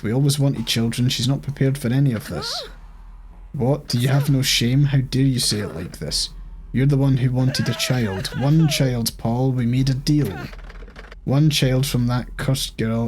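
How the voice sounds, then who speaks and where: A man's voice: medium pitch, measured pace, slight background noise, close to an everyday voice. A Scottish man reading out a scolding old woman. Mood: angry, defensive. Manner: sharp, scolding, exasperated. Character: bitter scheming old woman scolding her husband. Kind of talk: reading game dialogue aloud.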